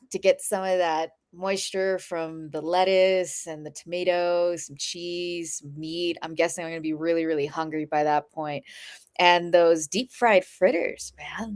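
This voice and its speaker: A woman who is a podcast guest and runner, chatting playfully with frequent laughter and quick asides. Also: lowish voice. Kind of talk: casual chat.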